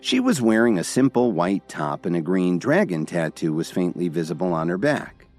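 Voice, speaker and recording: A man with a low, deep voice narrating a dramatic story, his pitch swinging widely as the scenes build. Soft music plays beneath the scripted reading. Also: very animated, normal speed. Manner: dramatic storytelling, all voices by one reader.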